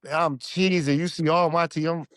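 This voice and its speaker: A man from Alaska, a podcast guest, telling stories in a relaxed, slangy way and acting out his own past lines. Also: a little high, normal speed, no room sound, studio quality. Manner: animated storyteller who acts out his own past lines. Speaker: podcast guest, former pro basketball player. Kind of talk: casual storytelling interview.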